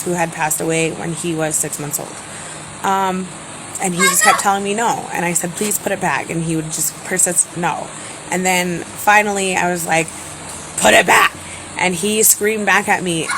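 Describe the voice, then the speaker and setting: Gravelly-voiced mother over noisy hum. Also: on the low side, fairly even intonation, normal speed. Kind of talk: casual storytelling.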